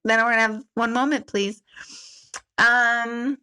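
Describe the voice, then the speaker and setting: A middle-aged woman, a spiritual medium, chatting casually on a livestream and reading out viewer comments, animated and self-deprecating. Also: a little high, a little slow, clean tone. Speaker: spiritual medium hosting a live Q&A.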